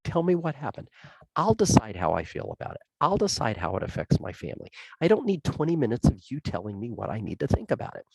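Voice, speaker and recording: A man's voice: on the low side, huge pitch swings, quick pace, vocal fry, hardly any pauses, heavy background noise. A man giving a plain-spoken, conversational talk on self-care, telling stories and repeating key points for emphasis. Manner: folksy, plain-spoken storytelling with emphatic repetition. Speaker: public safety speaker. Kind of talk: conversational presentation.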